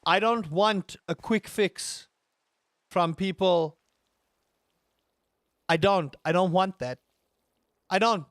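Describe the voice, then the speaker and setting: A man's voice: high-pitched, fairly bright tone, no room sound, clean studio sound. A man live-streaming a game, talking casually to his chat and ranting with emphatic repetition. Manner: talks to his chat between tangents.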